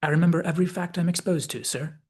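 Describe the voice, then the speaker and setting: A man's voice: a little high, fairly even intonation, quick pace, noisy background, voice pushed up, natural voice. Prim, exact male android, as a man voices him, courteous and formal. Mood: matter-of-fact. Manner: formal and precise. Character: polite, literal-minded male android officer.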